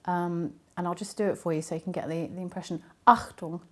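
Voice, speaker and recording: A woman linguist answering interview questions, explaining patiently with frequent ums and pauses. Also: fairly low pitch, little pitch movement, warm tone. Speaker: linguist and university academic.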